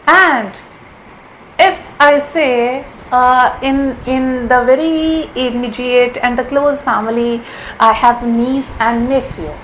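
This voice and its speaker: A woman runs a slow vocabulary lesson, cheerfully saying each word again and again. Her voice sits high, and faint noise hums behind her. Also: a bit bright, low-quality recording. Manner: repeats each word several times, cheerful. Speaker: language teacher.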